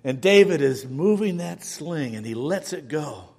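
A male preacher telling a Bible story in a sermon, with dramatic storytelling and big swings in loudness. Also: on the high side, animated, a little slow, slightly rough.

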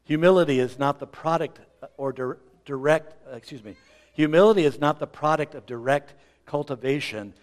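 Animated middle-aged male pastor preaching. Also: fairly high pitch, moderate pace. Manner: animated, swings between loud emphasis and quiet asides. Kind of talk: sermon.

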